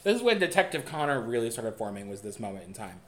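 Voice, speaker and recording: A young man co-hosting a podcast, telling a dating story in a casual, animated and profane way. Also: mid-range voice, fast, a little hiss or hum. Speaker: podcast co-host. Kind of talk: casual chat.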